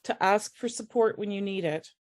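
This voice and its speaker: A woman faculty member giving a personal, emotional conference talk, halting with many restarts and audibly close to tears. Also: mid-range voice. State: tearful. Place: conference room.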